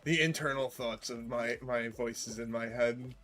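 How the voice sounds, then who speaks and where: A man's voice: medium pitch, steady tone, unhurried, fairly bright tone, faint music behind. A man chatting casually while playing a game, rambling with jokey asides. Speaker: streamer. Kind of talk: casual gameplay chat.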